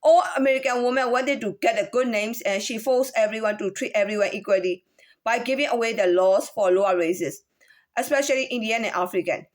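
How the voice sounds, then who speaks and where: High-voiced woman with halting speech. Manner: halting, many restarts and fillers; demonstrates different speaking tones. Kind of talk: casual spoken monologue.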